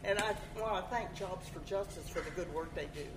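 A woman speaking at a teach-in, telling a story in a lively way and quoting others. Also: on the low side, brisk. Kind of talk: impromptu public remarks. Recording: echoey room with noise.

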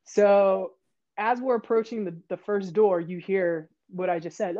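A woman tells a long story in casual, animated chat and acts out the quotes with sudden rises in her voice. Her tone is warm and mellow. The sound is a little dull and muffled. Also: mid-range voice, a little slow. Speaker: guest.

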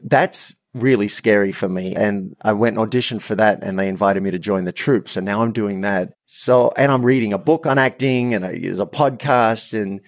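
An Australian man in his fifties, a coach telling stories as a podcast guest in an earnest, animated way with frequent restarts. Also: on the low side, normal speed, few pauses, dry recording, studio quality. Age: 50s. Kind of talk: storytelling in a podcast interview.

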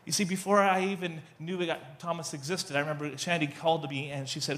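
A man in his thirties, a guest speaker at a church, telling family stories in an animated way with many restarts. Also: on the high side, fast, few pauses. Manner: animated storytelling with frequent restarts. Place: church gathering.

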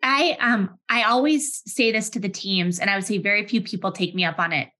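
A woman in her thirties, a head of HR, speaking conversationally in a webinar with lively anecdotes and frequent restarts. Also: medium pitch, brisk. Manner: animated, restarts often, vivid everyday anecdotes. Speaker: head of HR, session host.

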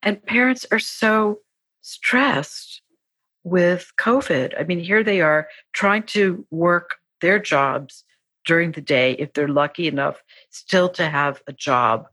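A woman's voice: fairly low pitch, takes it slowly, no echo. A middle-aged woman, a psychologist and author, talking earnestly as a podcast guest. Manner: warm, earnest, acts out quoted voices. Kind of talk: podcast interview.

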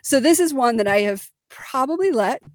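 A woman's voice: sits high, animated, normal speed, dry recording. A young adult woman from Missouri co-hosting a podcast, telling a personal story candidly and emphatically, with laughs and fillers. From Missouri, United States. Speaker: podcast co-host.

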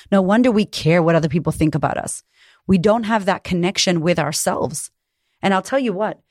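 A woman's voice: on the low side, dry recording, studio quality. A middle-aged woman coach talking candidly and emphatically about healing, swearing freely. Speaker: coach running women's retreats. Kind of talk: candid motivational talk.

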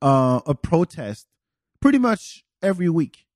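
A man from France with a French accent, hosting a podcast and telling animated stories in casual chat, swearing freely. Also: on the high side, unhurried, dry recording, clean studio sound. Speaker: podcast host.

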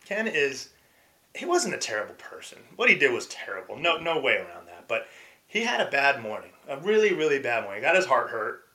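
A middle-aged man tells personal stories as a podcast guest. He is animated, acts out quotes and restarts often. His voice is very bright and forceful. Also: mid-range voice. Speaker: podcast guest, former pro baseball player. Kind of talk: casual storytelling interview.

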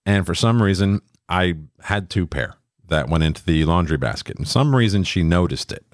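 A man's voice: deep voice, animated, moderate pace, no room sound, clean studio sound. A middle-aged man, co-host of a podcast, telling stories in a blunt, profane, casual way. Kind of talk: casual chat.

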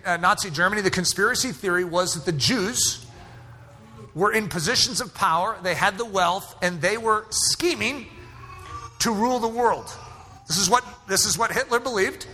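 A man preaching a sermon as pastor, emphatic and rising to shouts at his strongest points. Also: high-pitched, slight background noise. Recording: hall reverb.

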